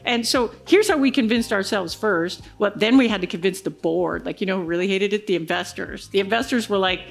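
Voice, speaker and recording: A woman's voice: medium pitch, a little fast, gravelly. A woman giving a conference keynote, telling a business story and acting out the other people's lines. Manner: animated storyteller acting out quoted dialogue. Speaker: keynote speaker. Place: large conference hall stage.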